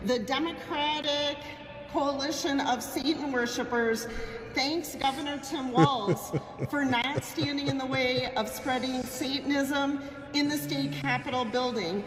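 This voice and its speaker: A woman's voice: sits high, measured pace, soft background music. A woman with a Minnesota accent, a state representative, filming a hesitant report on her phone in an indoor hall. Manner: plain, hesitant, with many ums. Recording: echoey hall phone recording.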